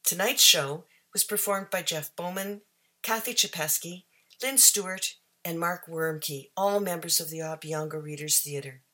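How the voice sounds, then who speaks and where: A woman radio host reading a scripted outro in a cheerful, measured way. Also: fairly low pitch, bright, forceful tone.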